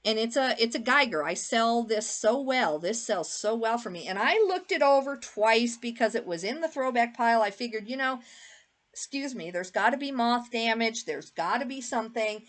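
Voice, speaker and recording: A woman's voice: fairly high pitch, animated, normal speed. A woman reseller chatting casually through a clothing haul, rambling with lots of fillers and asides. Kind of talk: casual haul vlog chat.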